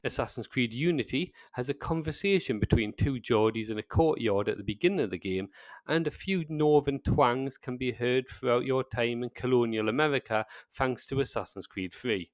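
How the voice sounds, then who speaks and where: A man's voice: medium pitch, dry recording. Sardonic Northern English man narrating. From north of England. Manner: sardonic, sarcastic asides. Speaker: video essayist. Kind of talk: scripted narration.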